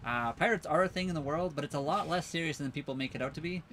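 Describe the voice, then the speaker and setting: A man's voice: fairly high pitch, fast talker, fairly bright tone, a little hiss or hum. A man hosting a casual livestream from his sailboat at a marina, rambling easily and reading viewer comments aloud. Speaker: live stream host. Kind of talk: casual live stream chat.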